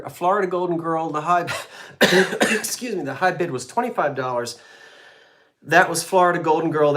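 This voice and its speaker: A man's voice: fairly high pitch, fairly bright tone. A man selling antiques in a live online auction, describing each item in a chatty, rambling way with homey jokes and asides. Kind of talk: casual live sale presentation.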